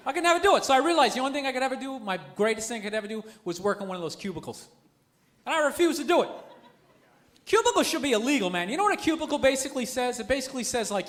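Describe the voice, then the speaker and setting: A man's voice: extremely high pitch, very animated, rapid-fire. A man doing a stand-up comedy set, ranting sarcastically and acting out characters in asides. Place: live comedy venue with audience. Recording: noisy live club recording.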